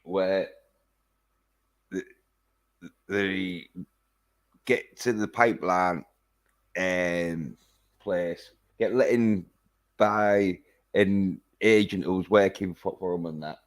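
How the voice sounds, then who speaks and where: Slow, low-voiced rambling man. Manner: rambling, hesitant, swears a lot. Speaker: film reviewer. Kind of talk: casual film recap.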